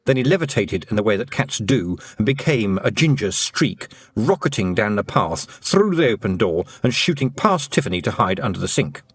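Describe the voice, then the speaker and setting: Lively male audiobook narrator. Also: lowish voice, normal speed, few pauses, husky, no echo, studio quality. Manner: expressive, lively storytelling.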